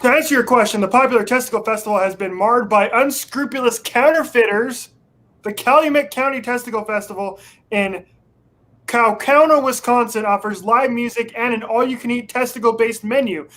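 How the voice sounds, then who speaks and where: A man's voice: extremely high pitch, a little fast, a bit bright. A man co-hosting a casual chat show, laid-back and wry, reading odd news stories aloud with some swearing. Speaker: co-host.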